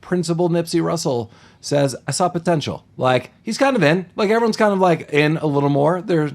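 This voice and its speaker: A man's voice: on the high side, fairly quick. A man co-hosting a podcast in a casual movie-recap chat, rambling and jokey, acting out lines from the film. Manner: rambling, jokey, acts out quotes. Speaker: podcast co-host.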